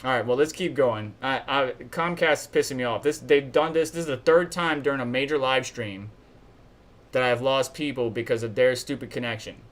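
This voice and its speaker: A man's voice: medium pitch, moderate pace, a bit bright. A man hosting a live stream, giving casual news commentary in a chatty, blunt way and complaining openly.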